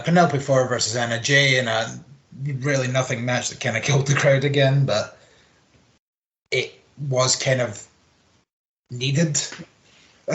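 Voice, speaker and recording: Young co-host, rambling casual chat, swears freely, echoey room. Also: male voice, medium pitch, a bit bright. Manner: rambling, swears, quick laughs. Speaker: podcast co-host. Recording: roomy home recording.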